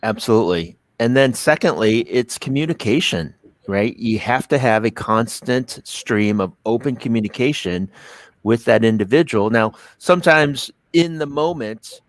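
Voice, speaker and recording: A man's voice: mid-range voice, moderate pace, no room sound, studio quality. A man co-hosting a casual business chat, laughing often and restarting his phrases.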